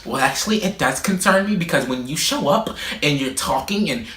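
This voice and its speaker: A man's voice: on the high side, expressive, brisk, a bit bright. A man quoting a stern middle-aged woman math teacher in a condescending, scolding tone. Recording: roomy echo.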